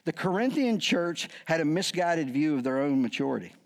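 A middle-aged pastor delivers a lively sermon, cracking jokes and performing the voices of people he quotes. He speaks at a normal speed in a fairly high pitch.

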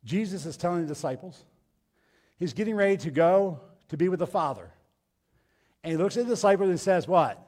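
A male pastor preaching a sermon, telling a story and asking the congregation questions, swinging from loud urging to hushed, quiet speech. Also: sits high, animated, brisk, pauses often.

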